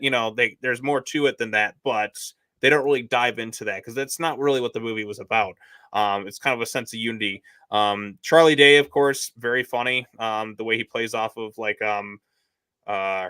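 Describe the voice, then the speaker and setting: A man's voice: medium pitch, bright, forceful tone, clear, resonant tone, no echo. A man co-hosting a casual movie review podcast, rambling with lots of "like" and "um". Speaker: podcast co-host.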